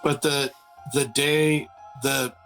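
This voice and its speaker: A man's voice: medium pitch, little pitch movement, slow pace, fairly bright tone, soft background music. Questioning man at a game table. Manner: questioning, dry joking. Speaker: player. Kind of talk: tabletop role-play talk.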